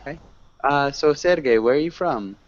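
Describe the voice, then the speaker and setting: A man's voice: medium pitch, normal speed, dry recording. Dull-sounding male online teacher, rambling. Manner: relaxed, rambling, many fillers. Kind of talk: casual online class chat.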